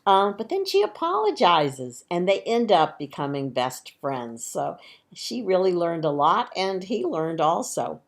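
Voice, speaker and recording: Brief: woman leading a kids' church talk, low voice, warm chatty explaining. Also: sing-song, measured pace. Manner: gentle, chatty explaining to kids. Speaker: children's time leader at church. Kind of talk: children's sermon.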